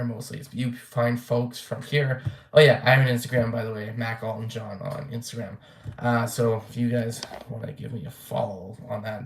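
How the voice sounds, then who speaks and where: A man's voice: mid-range voice, vocal fry, roomy sound. A young man ranting casually on his vlog, blunt and rambling, swearing freely and full of fillers. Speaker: vlogger. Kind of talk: casual rant to camera.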